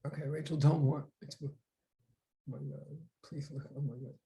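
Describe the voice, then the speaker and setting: A man's voice: fairly high pitch, normal speed, gravelly. A man teaching a physics class online, talking casually and animatedly, often reacting to the class chat. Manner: chatty, animated, reads chat aloud.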